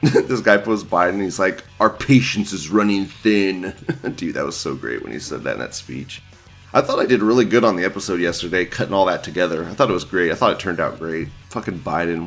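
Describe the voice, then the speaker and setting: Young guy with a low voice reading forum posts, swears a lot and keeps cracking up, faint music underneath. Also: a bit bright. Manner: laughs often, mocking, crude. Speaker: host reading image-board posts. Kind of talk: casual profane commentary.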